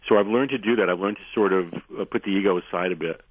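A man with a very low, husky voice tells rambling stories as a radio guest. He is losing his voice and keeps clearing his throat. He comes through a thin, dry phone line. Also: fast talker, dry recording. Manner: rambling anecdotal storyteller, frequent restarts. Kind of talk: radio interview, storytelling.

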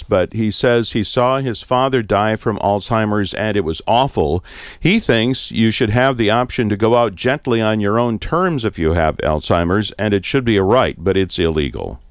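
A man's voice: fairly low pitch, moderate pace, clean tone, no room sound, clean studio sound. Man hosting a radio talk show. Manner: relaxed conversational, occasional fillers. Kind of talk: public radio interview. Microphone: studio microphone.

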